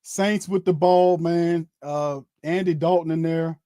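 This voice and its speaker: This is a man narrating a game for his watch-party crowd, talking loosely and quickly through each play. His voice runs somewhat high, and it climbs further when he gets exasperated or breaks into laughter. The sound is close and dry, with no room around it. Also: fairly even intonation, warm tone, clear, resonant tone, dry recording. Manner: exasperated, laughing, rising to high-pitched disbelief. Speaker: host giving live game commentary.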